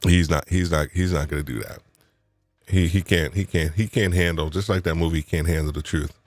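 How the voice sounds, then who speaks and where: Deep-voiced playful male podcast host. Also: fairly even intonation, brisk, dry recording. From New York. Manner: playful teasing banter; reflective, uses fillers and restarts. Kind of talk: live podcast chat.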